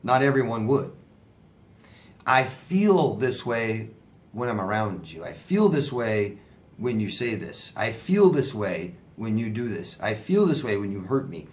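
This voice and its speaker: A man's voice: fairly low pitch, very animated, measured pace. A man answering viewer questions as a relationship coach, in a conversational, sympathetic way, often asking "right?". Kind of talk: casual advice talk.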